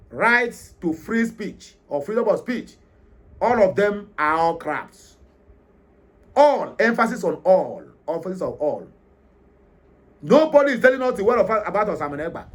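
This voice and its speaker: A middle-aged Nigerian man with a Nigerian accent, giving an emphatic, repetitive opinion monologue with frequent hesitations. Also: high-pitched. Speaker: commentary host.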